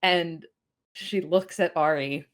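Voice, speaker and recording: A woman playing a tabletop role-playing game, speaking in a measured, low-key way. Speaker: player.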